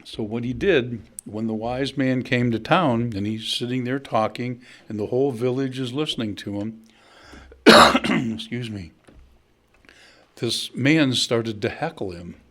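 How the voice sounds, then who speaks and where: A man's voice: medium pitch, a little slow, fairly bright tone. A middle-aged man, preaching a conversational sermon to his congregation and telling stories. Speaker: pastor.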